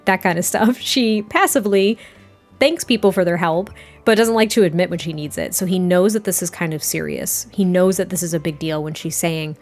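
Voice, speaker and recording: A young woman hosts and narrates her life-sim game story in a chatty, filler-heavy style. Her voice sits at a middle pitch and she speaks in casual asides. Faint music plays underneath. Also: a little fast. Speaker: gameplay narrator.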